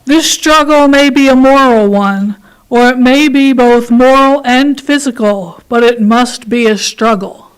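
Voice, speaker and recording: A woman leading a church service, reading a passage aloud and then telling a children's story in a calm, measured way. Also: high voice, clear, resonant tone, dry recording, low-quality recording. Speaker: worship leader.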